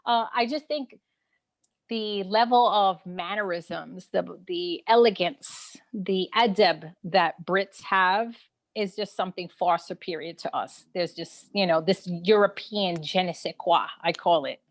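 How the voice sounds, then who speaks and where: A woman's voice: on the low side, a little slow. Frank laughing woman with a Brooklyn accent. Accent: Brooklyn, New York. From New York City. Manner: frank, animated, laughs often, many fillers. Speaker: guest. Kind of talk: casual conversation on a live online session.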